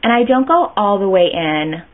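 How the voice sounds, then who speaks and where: A woman's voice: mid-range voice, lively intonation, normal speed. A woman chatting her way through a makeup tutorial, rambling and interrupting herself as she goes. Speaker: beauty vlogger. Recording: tinny phone-like sound.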